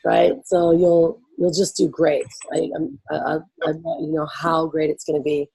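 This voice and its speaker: A woman's voice: low-pitched, little pitch movement, moderate pace, creaky, dark tone, husky, poor audio. A woman hosting an event briefing, talking casually and bubbly, laughing often and filling her speech with "like" and "you know". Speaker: event host. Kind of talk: casual explanatory talk to attendees.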